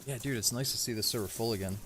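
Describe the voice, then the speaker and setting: A man's voice: mid-range voice, racing, background noise. A man streaming a game live, chatting casually with viewers and a teammate in an easygoing, rambling way. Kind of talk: casual live-stream chat while playing.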